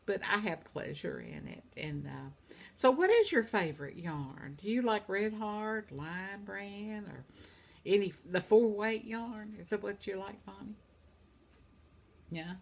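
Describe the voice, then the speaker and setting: A woman's voice: medium pitch, lively intonation, unhurried, creaky. A woman in her seventies chatting casually at home, reading out viewer comments and laughing often. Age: 70s. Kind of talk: casual chat.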